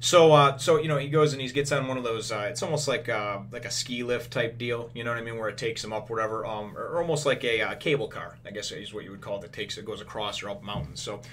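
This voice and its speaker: A man's voice: medium pitch, fast, hardly any pauses, fairly bright tone, slight background noise. A man casually recapping a comic chapter, rambling with many fillers and restarts. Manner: acts out characters' quotes in retelling. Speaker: manga reviewer.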